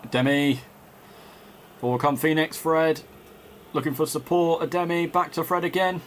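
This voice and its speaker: A man's voice: fairly high pitch, little pitch movement, moderate pace, slight background noise. Laughing man doing mock football commentary. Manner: jokey, laughs often, breaks off to chat with viewers. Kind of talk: playful mock football commentary over a video game.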